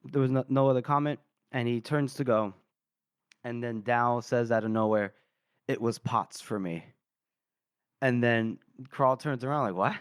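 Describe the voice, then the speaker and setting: A man co-hosting a book podcast, retelling scenes in a casual, animated way and acting out the characters' lines with laughs. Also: mid-range voice, normal speed, clean tone, dry recording, clean studio sound. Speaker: podcast co-host.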